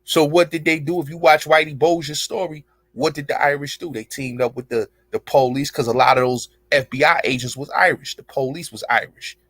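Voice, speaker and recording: This show host's voice is a little high, steady and a bit bright, moving briskly with few pauses and no room sound. On his online show he delivers a rambling, emphatic monologue laced with swearing and street slang.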